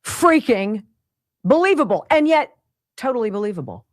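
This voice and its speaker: A woman's voice: fairly high pitch, sing-song, moderate pace, no echo, studio quality. A woman hosting a radio talk show, speaking with indignant emphasis and speeding up when paraphrasing.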